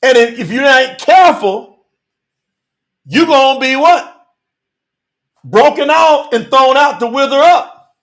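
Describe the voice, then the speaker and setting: A man preaching a sermon, reading scripture verses and commenting on them with emphatic rhetorical questions and bursts of shouting. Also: very high-pitched, expressive, takes it slowly, long pauses. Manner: breaks into shouting.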